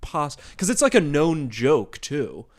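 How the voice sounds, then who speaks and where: A man co-hosting a comedy podcast, chatting casually, filling his talk with "like" and quick laughs. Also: a little high, sing-song. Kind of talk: casual chat.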